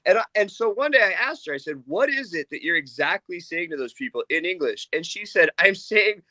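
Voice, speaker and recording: A man hosting a podcast, telling animated stories in casual chat and laughing often. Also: a little high, fairly quick, no echo.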